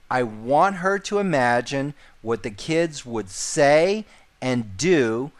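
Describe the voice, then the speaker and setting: A man teaching a sales course, repeating key points and stressing important words. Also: mid-range voice. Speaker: sales trainer. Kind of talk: instructional course narration.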